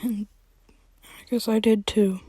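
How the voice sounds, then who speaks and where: A woman voicing a young male stranger with a fox tail, grumpy and stammering, in a slow read-aloud story. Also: medium pitch, steady tone, mellow, slightly rough, no echo. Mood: soft. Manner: stammering, sighing.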